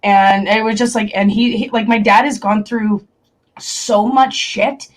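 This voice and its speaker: A woman's voice: mid-range voice, steady tone, measured pace, background noise. A young woman in casual chat, talking candidly and rambling, with lots of fillers and swearing. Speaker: stream co-host.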